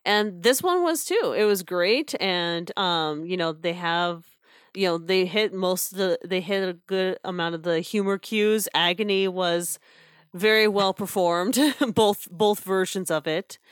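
A woman's voice: fairly low pitch, measured pace, clean tone, no room sound, studio quality. A woman co-hosting a casual podcast chat, chatty, with frequent laughs and restarts. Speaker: podcast co-host reviewing theater.

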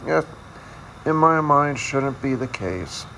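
A man hosting a casual solo podcast, talking in a candid, self-deprecating, halting way. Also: mid-range voice, expressive, bright, forceful tone, slight background noise, rough recording. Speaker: podcast host.

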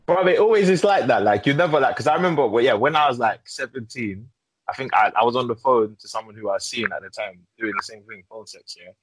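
A man's voice: medium pitch, lively intonation, fast, husky, low-quality recording. A young man, telling stories in slang in a casual podcast chat. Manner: slangy, storytelling. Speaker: podcast co-host.

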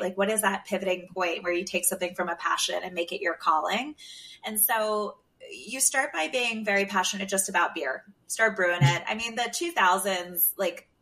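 A woman's voice: mid-range voice, bright, forceful tone, distant mic. A woman hosting an interview, affirming her guest and reflecting on what he shares. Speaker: podcast host. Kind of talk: interview conversation.

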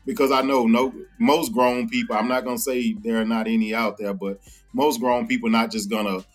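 A man in casual podcast conversation, speaking earnestly and in a storytelling way. His pitch sits in a middling range, and he acts out quoted lines. Faint music plays quietly behind him. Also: level tone, moderate pace. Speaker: podcast guest.

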